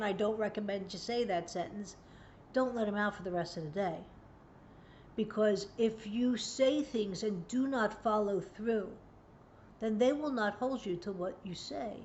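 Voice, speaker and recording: A woman's voice: on the high side, darkish tone. A woman in her sixties giving a direct-to-camera parenting lesson, earnest and emphatic, sometimes acting out parent and child voices. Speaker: parenting educator. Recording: dull lo-fi sound, faint background hum.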